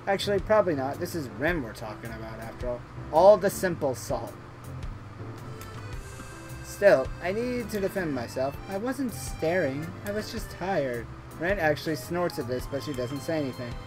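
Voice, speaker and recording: A man reads a visual novel aloud for his channel, hamming it up and breaking into laughs. His voice sits fairly high and swings widely in pitch. Game music plays clearly behind him. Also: moderate pace. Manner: jokey, laughs often, animated reading. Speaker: gaming video host reading a visual novel aloud. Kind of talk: playful read-along of game text.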